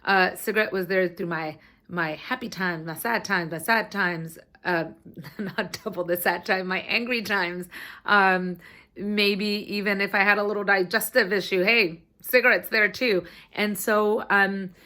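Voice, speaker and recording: A woman in her thirties telling a personal story to her camera in a chatty, animated way, sometimes swearing. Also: mid-range voice, unhurried. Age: 30s. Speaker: vlogger.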